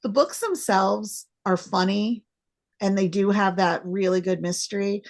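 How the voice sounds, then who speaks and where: A woman podcast host chatting casually with a guest, animated when she acts out her own reactions. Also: mid-range voice, measured pace. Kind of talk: casual interview chat.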